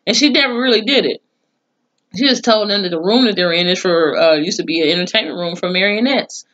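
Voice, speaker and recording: A woman giving a casual, profane recap of a TV episode, acting out the characters' lines with animated voices. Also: mid-range voice, a little fast, highs cut off. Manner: chatty and profane, with animated acted-out quotes. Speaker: TV episode reviewer.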